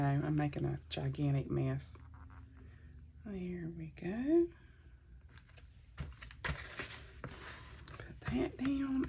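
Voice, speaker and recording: A woman's voice: low voice, vocal fry, slight background noise. A woman vlogger chatting casually in her home office, rambling and talking through each step as she crafts. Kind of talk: casual chat while crafting.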